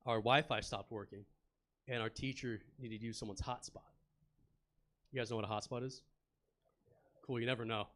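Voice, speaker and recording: A young man performs stand-up at a comedy club, speaking into a handheld mic. His voice sits at a middle pitch and his delivery is loose and chatty. He tosses easy banter at the audience between stories. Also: steady tone, moderate pace, long pauses, a bit bright. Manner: laid-back, chatty, banters with the crowd.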